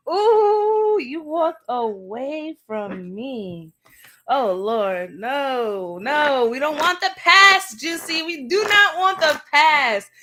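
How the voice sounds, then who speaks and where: A woman's voice: high-pitched, pushed and bright. A middle-aged woman giving a chatty, exclamatory live tarot reading after a prayer. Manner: chatty, exclamatory, talks to spirit and viewers. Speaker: tarot reader.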